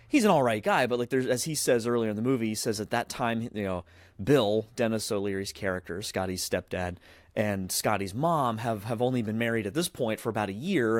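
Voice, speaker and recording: Low-voiced man retelling a film casually. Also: dry recording. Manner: rambling, heavy on fillers and restarts. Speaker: podcast host.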